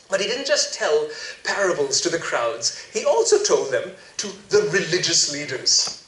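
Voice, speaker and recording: A man preaching a sermon, telling stories in an expressive, enthusiastic way at a large event venue. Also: on the high side, normal speed, slight background noise. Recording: echoey hall, distant mic.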